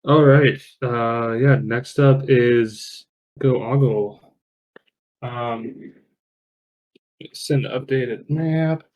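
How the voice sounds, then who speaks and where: A man running an online tabletop game as game master, describing the scene slowly and haltingly. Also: medium pitch, darkish tone. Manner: slow and halting. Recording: dull lo-fi call audio.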